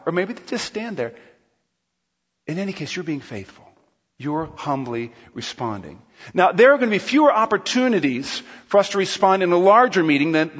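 Animated, husky-voiced male pastor preaching. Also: high voice. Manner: lively, playful, acts out quotes. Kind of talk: sermon. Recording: long hall reverb, dull sound.

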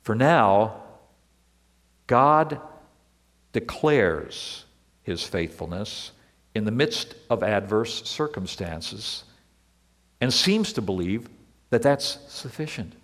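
A male pastor preaching a sermon in an earnest, deliberate way, leaning on repeated words, in a church sanctuary. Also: on the low side, lively intonation, fairly bright tone. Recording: long reverb of a large hall.

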